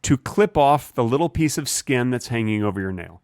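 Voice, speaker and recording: A man co-hosting a comedy podcast, speaking close to a studio mic with mock-serious deadpan banter. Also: medium pitch, normal speed, smooth, no room sound. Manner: mock-serious, drops to a close whisper at times. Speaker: podcast co-host. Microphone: close studio mic with headphones.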